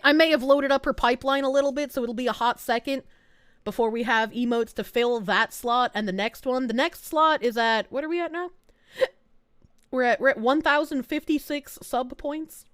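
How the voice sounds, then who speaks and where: A young woman from Boston with a Boston accent, chatting casually on a live stream, animated, swearing and laughing often as she reads chat. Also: high voice, no echo, clean studio sound. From Boston, USA. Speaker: VTuber streamer.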